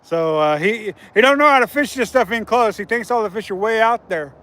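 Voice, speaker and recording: A man's voice: sits high, animated, fairly quick, bright, forceful tone. A man hosting a casual fishing livestream from outdoors by a river, chatting with viewers and laughing often.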